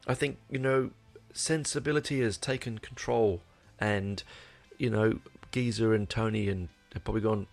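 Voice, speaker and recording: Low, gravelly man; casual sweary music reviewer, faint music underneath. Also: steady tone, moderate pace. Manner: rambling, sweary, enthusiastic with restarts. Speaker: album reviewer. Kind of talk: casual spoken album review.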